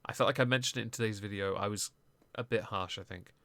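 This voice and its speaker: A man riffs through a casual live stream, his remarks sarcastic and rambling. His voice sits on the low side and comes through a close microphone, with dry sound and no room echo. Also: fast, creaky, fairly bright tone. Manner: sarcastic, rambling asides with many fillers.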